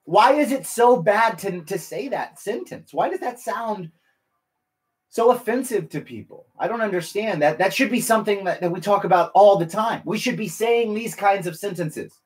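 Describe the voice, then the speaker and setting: A man's voice: sits high, lively intonation, normal speed. A man, a military veteran, talking earnestly and emotionally to viewers on a casual live stream, rambling and restarting his sentences. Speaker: veteran livestreamer.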